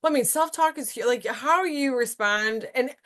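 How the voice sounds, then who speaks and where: A woman's voice: high-pitched, normal speed. Earnest woman in her thirties. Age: 30s. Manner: earnest, animated, frequent "right?" asides. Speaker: guest entrepreneur. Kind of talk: casual interview chat.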